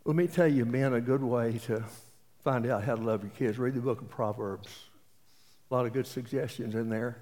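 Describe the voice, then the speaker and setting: A man's voice: mid-range voice, moderate pace, a little mellow. A man in his late seventies with an East Texas accent, preaching a sermon and telling folksy stories with jokes. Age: 70s. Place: auditorium. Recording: reverberant auditorium.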